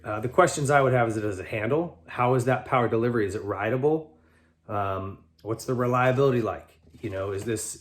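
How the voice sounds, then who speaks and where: A man hosting a talk show, answering listener letters in a loose, rambling conversational way with lots of restarts. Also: mid-range voice. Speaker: podcast host and bike tester. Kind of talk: casual chat answering listener mail.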